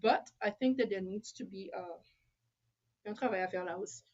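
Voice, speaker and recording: A woman's voice: mid-range voice, moderate pace, darkish tone, muffled recording. A woman in casual conversation, emphatic and opinionated, switching between English and French mid-sentence. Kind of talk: casual chat.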